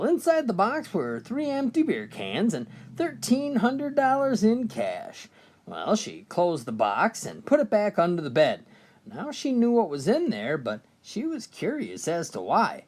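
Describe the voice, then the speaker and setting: A joke teller reading jokes aloud in a brisk storytelling manner, often opening lines with "well". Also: medium pitch, a little mellow.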